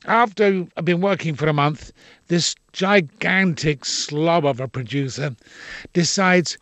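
An older man, an actor, telling indignant, expressive anecdotes in an interview. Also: on the high side, a little slow, dry recording. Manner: expressive, indignant storyteller with quoted voices.

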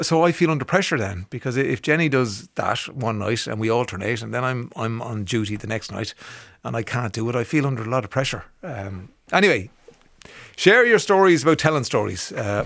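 Irish male radio host, mid-pitched, chatty, restarts often, dry studio mic. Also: lively intonation, fairly quick, gravelly, a bit bright, dry recording. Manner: chatty and enthusiastic, with many ums and restarts. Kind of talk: casual radio chat. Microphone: studio microphone.

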